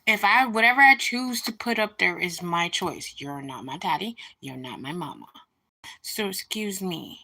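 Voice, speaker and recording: A woman's voice: fairly low pitch, animated, moderate pace, vocal fry, sharp tone. A woman hosting a casual livestream, venting indignantly about a rude comment and greeting viewers as she goes. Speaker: livestream host.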